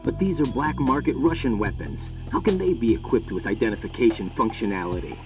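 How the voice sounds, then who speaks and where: A man's voice: medium pitch, expressive, a little fast, recorded from a distance, music in the background, natural voice. A man voicing a young special-forces agent in a video game, questioning his orders. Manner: questioning, increasingly agitated.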